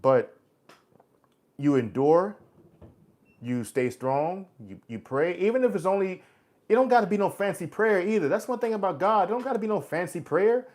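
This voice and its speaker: A man's voice: high voice, animated, moderate pace, darkish tone. Forties male livestream host, blunt and preachy, casual street talk. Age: 40s. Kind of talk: casual live chat reading comments.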